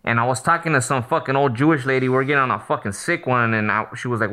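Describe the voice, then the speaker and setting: A man's voice: mid-range voice, fast talker, few pauses, pushed and bright. A male co-host telling brash, profane stories in casual chat, full of slang like "fool" and "homie".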